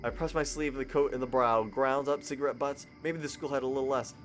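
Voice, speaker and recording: A man's voice: mid-range voice, fairly even intonation, fairly quick, faint music behind. A young man hosting a gaming channel, reading a visual novel aloud in a goofy, sarcastic manner.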